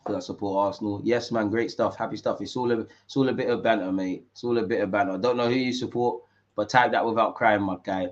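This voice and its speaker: A young man, commentating a football match live with street-slang banter and sudden shouts. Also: fairly low pitch, steady tone, fast, lo-fi sound. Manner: banter-heavy, mocking rival fans in street slang, bursts into shouts at big moments. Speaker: football watch-along streamer.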